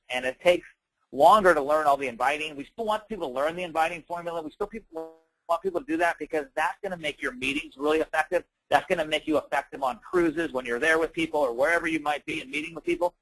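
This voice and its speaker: A man with a slightly high voice coaches an audience in a loose, conversational way. He talks fast and emphatically, with plenty of fillers. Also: lively intonation, a bit bright, poor audio. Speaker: network marketing trainer. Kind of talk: casual training talk.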